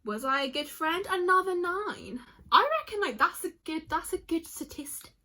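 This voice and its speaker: A woman's voice: very high-pitched, expressive, pushed and bright. A young woman vlogging in a rambling, chatty way, reading out answers and getting emotional easily. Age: young adult. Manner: chatty, rambling, quick to tear up. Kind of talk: casual vlog chat reading answers aloud.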